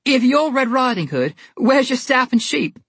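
A woman's voice: low-pitched, expressive, fairly quick, a bit bright, no room sound. A woman narrator voicing rude, dismissive male gate guards.

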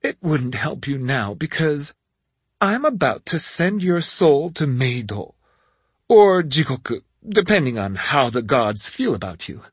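A man voicing a spiteful female witch assassin in an audiobook, high, shrill and sneering, with a husky edge in a dry recording. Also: big pitch swings, a little slow, no room sound. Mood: mocking.

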